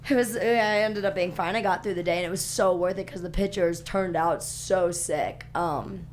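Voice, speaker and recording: A woman's voice: fairly low pitch, normal speed, a little hiss or hum. A woman, a podcast guest, talking in an earnest, rambling way. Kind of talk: casual podcast talk.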